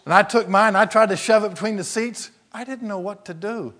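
An older man from Arkansas preaching a sermon, telling folksy stories and acting out the scenes with animated delivery. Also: sits high, fairly quick. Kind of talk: sermon storytelling.

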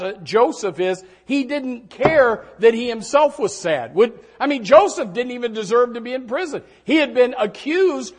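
A man preaching a sermon in a conversational, animated way, with many restarts and fillers. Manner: animated, pitch rising and falling with emphasis.

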